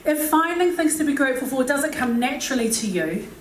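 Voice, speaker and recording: A woman's voice: high voice, expressive, a little fast, recorded from a distance. Laughing woman in an echoey hall. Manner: self-deprecating, laughs often, acts out quotes. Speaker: speaker. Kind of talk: humorous storytelling talk. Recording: echoey hall with faint noise.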